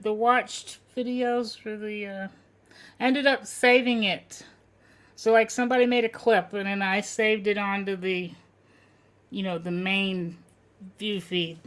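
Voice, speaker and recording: Slow, hesitant podcast co-host. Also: male voice, sits high, fairly bright tone. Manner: hesitant, lots of fillers. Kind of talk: casual live-stream chat.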